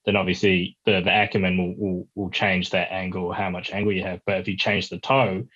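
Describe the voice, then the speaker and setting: A man's voice: deep voice, flat delivery, a little fast, fairly bright tone, slightly rough, highs cut off. A man, a podcast guest chatting casually and rambling with many restarts. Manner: rambling, many restarts, puts on a mock broken-English voice for jokes. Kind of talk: casual chat.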